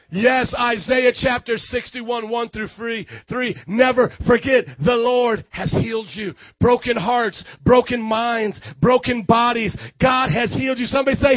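A man preaching a lively sermon, shouting and calling on the crowd to repeat after him. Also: very high voice, normal speed, no echo, highs cut off. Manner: shouting, preaching with call-and-response. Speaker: youth pastor.

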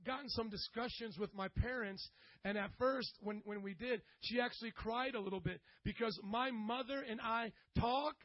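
A middle-aged man preaching a sermon to a congregation, animated and joking, rising now and then to loud bursts. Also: very high-pitched, normal speed, dry recording, dull audio. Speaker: pastor.

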